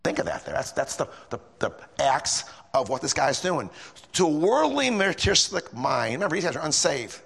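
A middle-aged lay preacher with a gravelly, husky voice talks through scripture in a folksy, rambling way. His pitch swings up and down as he presses his points, stumbling and restarting often. The sound carries a long reverb from a big hall. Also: big pitch swings, brisk, fairly bright tone. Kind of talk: bible study sermon.

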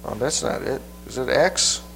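A man preacher teaching a Bible passage verse by verse in a folksy, halting way, often repeating his words. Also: medium pitch, expressive, gravelly, fairly bright tone, slightly rough, soft background music, poor audio.

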